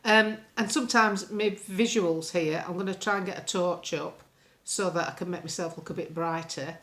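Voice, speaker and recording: An older English woman from England vlogging from home into a phone camera, chatting bluntly and meandering through opinions. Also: normal speed. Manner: blunt, opinionated, meandering, lively swings in pitch. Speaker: political vlogger. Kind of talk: casual rambling monologue to camera. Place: home, indoors.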